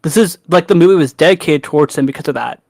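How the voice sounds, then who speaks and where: A young man co-hosting a podcast in casual chat, animated, laughing and swearing freely. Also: a little high, quick pace, gravelly, dry recording. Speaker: podcast co-host.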